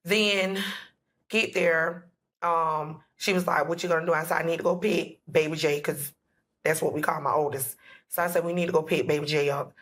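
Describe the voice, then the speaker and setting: A woman with a low, steady voice speaks at a normal speed, her tone fairly bright. She's a podcast guest telling an emotional personal story, acting out everyone's lines with plenty of "I said, he said."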